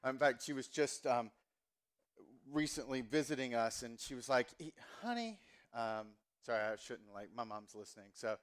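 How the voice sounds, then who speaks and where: A man's voice: mid-range voice, fairly even intonation, moderate pace. A man in his forties, from the American South, preaching a sermon as a pastor in a casual, joking way with many fillers. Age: 40s.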